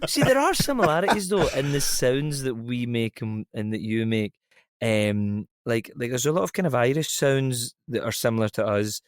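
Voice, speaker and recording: A man's voice: medium pitch, animated, moderate pace. Laughing self-deprecating man. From Scotland. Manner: self-deprecating, laughs often, rambling asides. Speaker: actor guest. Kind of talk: casual interview chat.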